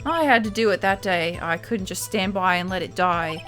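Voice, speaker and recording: A woman's voice: mid-range voice, moderate pace, music in the background, close to an everyday voice. An Australian woman reading a grim, stubborn police officer. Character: male police officer confessing, weary and stubborn.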